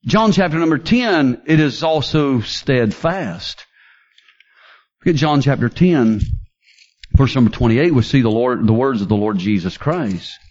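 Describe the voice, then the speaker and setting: A man preaching a sermon, fervent and building to near-shouts as he quotes scripture. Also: medium pitch, expressive, unhurried, dull audio.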